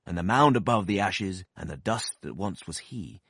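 A man narrating a classic novel as an audiobook, in an expressive, measured storytelling manner. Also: deep voice, breathy edge, no room sound, studio quality.

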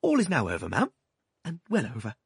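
A man voicing a mild, timid male doctor who speaks in a soft, deferential, placating way in an audiobook reading. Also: medium pitch, huge pitch swings, fairly quick, gravelly, husky, no room sound, clean studio sound, pitched above the performer's own voice, heavily acted. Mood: meek. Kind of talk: audiobook character voice.

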